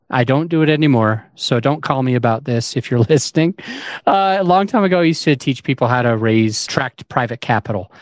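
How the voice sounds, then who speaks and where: A man's voice: mid-range voice, dry recording, clean studio sound. A man hosting a podcast interview in a casual chat, explaining his ideas as he thinks aloud. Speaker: podcast host.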